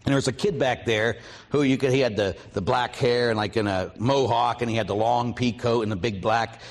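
Priest telling stories in a reverberant hall. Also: male voice, medium pitch, a little fast. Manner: storytelling, lively quoted voices, asks audience questions. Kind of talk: parish mission talk.

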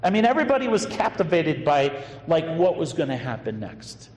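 A man's voice: on the high side, big pitch swings, brisk, darkish tone. A man preaching as a pastor, telling an anecdote in a conversational way with fillers. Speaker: associate pastor. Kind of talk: sermon storytelling. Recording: echoey hall with long reverb and faint noise.

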